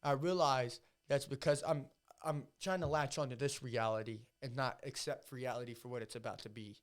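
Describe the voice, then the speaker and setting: A man's voice: mid-range voice, steady tone, normal speed. Profane, emotional man telling fight stories. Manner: emotional, heavily profane storytelling. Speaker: podcast guest, MMA fighter. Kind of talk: casual podcast chat.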